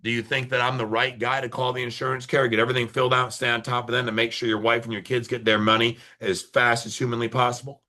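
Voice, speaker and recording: A man's voice: medium pitch, level tone, fast, hardly any pauses, pushed and bright. A middle-aged man giving a motivational sales talk, firing rhetorical questions and acting out phone calls with shifting speed and emphasis. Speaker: sales trainer, insurance agency founder.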